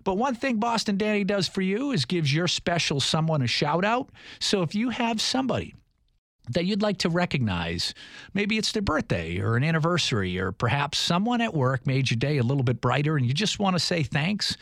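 A man's voice: fairly high pitch, big pitch swings, normal speed, a bit bright, dry recording. Man, fifties, talk show host, rambling, earnest, dry close sound. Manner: rambling, many restarts and fillers, earnest.

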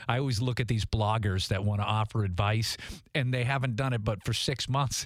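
A man's voice: fairly low pitch, steady tone, brisk, dry recording, studio quality. A middle-aged man hosting a radio show, chatting in a casual, self-assured and boastful way. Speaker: radio show host and recruiter.

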